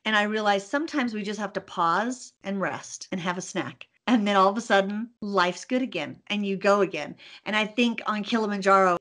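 Middle-aged woman, podcast guest, animated storyteller, laughs easily. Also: mid-range voice. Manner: animated storyteller, laughs often, acts out her own thoughts. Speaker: podcast guest, business owner. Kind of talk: casual interview.

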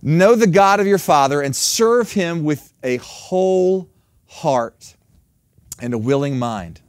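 A man's voice: fairly high pitch, expressive, slow, clear, resonant tone, no echo, clean studio sound. A man preaching a sermon as a pastor, earnest and direct, asking the congregation rhetorical questions.

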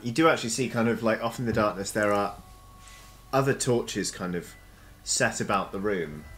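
A man's voice: on the low side, fairly bright tone. A man running a tabletop game as dungeon master, rambling with many ums and restarts.

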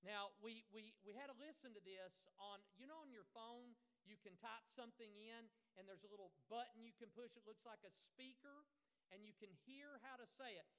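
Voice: mid-range voice, moderate pace, a bit bright, clean tone. A pastor preaching a sermon in a conversational way, repeating phrases for emphasis and joking with the congregation.

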